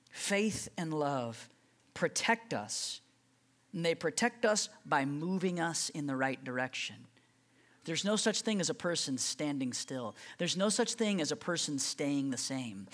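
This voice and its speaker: The sermon comes from a pastor with a mid-range voice who preaches animatedly and conversationally, asking one rhetorical question after another.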